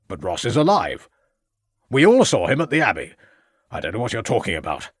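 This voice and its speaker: A man voicing a blustering, easily agitated middle-aged gentleman who grumbles defensively in an audiobook. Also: on the low side, wildly swooping pitch, fairly quick, breathy edge, no echo, full character voice. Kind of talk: audiobook character voice.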